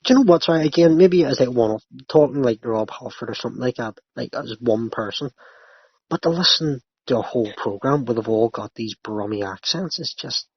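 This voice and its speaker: A man's voice: medium pitch, animated, fairly quick, husky, no echo. A man hosting a podcast, ranting and swearing through casual banter with a friend. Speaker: podcast host. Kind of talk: casual chat. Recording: dry, slightly muffled lo-fi.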